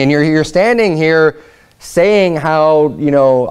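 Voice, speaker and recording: A male pastor preaching a sermon in a loose, conversational way, with frequent fillers and restarts, jumping higher in pitch whenever he quotes someone. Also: slow, a little mellow, clean tone. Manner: raises pitch sharply when quoting Peter and Jesus.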